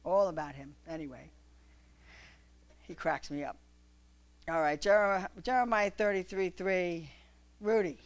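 A preacher reading scripture aloud and telling lively stories to a congregation, often laughing. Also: female voice, on the low side, measured pace, pauses often. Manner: animated, laughing storyteller.

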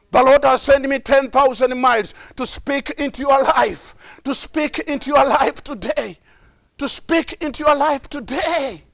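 A man preaches a sermon in a strikingly high voice that rises and falls a lot. He talks slowly and repeats his lines for emphasis. The sound is dry and close. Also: fairly bright tone, dry recording. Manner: emphatic, repeats phrases, laughs often, acts out crying prayers.

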